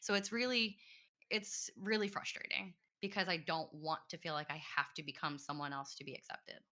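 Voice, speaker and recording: A woman speaking earnestly in a casual panel discussion, animated as she recalls personal experiences. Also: low voice, normal speed. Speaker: panel guest.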